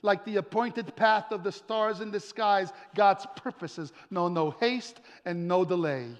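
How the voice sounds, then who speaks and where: A male pastor preaching a sermon, dramatic, with emphatic repetition and drawn-out pauses. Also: high-pitched. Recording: long hall reverb.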